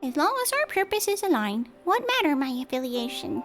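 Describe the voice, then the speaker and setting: A woman's voice: high voice, very animated, normal speed, a bit bright, faint music behind, voice pushed up. A woman reading the lines of an aloof, secretive masked young man in a grave, formal, old-fashioned way. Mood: solemn.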